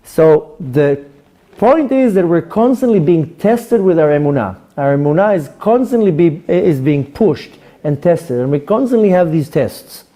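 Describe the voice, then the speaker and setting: A man's voice: fairly high pitch, a little slow. A man, a rabbi, teaching a Torah class to a live audience and acting out little dialogues as he goes. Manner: animated, acts out dialogues.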